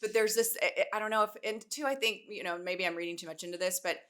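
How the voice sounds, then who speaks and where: A woman co-hosting a casual podcast, talking in a supportive, animated way. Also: medium pitch, fast talker. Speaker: podcast co-host.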